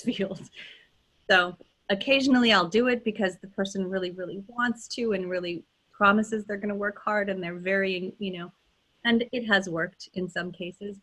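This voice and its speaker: A woman's voice: on the low side, sharp tone. Woman, dialect coach, candid and thoughtful on a video call, full of fillers and restarts. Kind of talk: interview answers on a video call.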